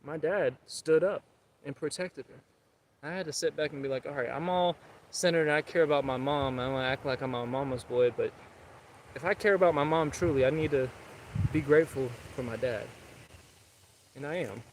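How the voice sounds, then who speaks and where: Outdoors in a public area, a young man with a fairly high voice vlogs at a moderate pace about his recovery. He rambles earnestly, encouraging his viewers in a casual motivational way, over a faint hiss or hum.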